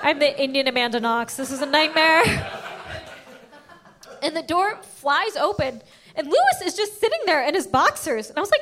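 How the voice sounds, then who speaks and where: Woman, stand-up comic, high voice, animated, self-mocking, storytelling. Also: moderate pace. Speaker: stand-up comedian.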